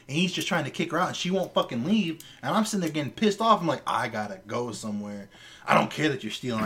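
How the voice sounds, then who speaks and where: Animated man telling a story. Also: medium pitch. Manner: animated storyteller, swears freely. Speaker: podcast co-host. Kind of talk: casual podcast banter.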